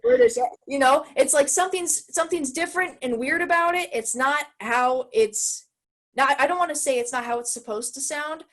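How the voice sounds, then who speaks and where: A woman's voice: high-pitched, fairly bright tone. A young American woman talking on a video call, thinking aloud and hunting for the right words. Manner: searching for words, halting and thoughtful. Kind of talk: casual video call chat.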